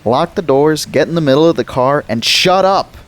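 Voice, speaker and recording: A man's voice: on the high side, animated, moderate pace, pitched above the performer's own voice, lightly acted. A man voicing a scared young boy giving orders to his sister in a storybook reading. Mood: urgent.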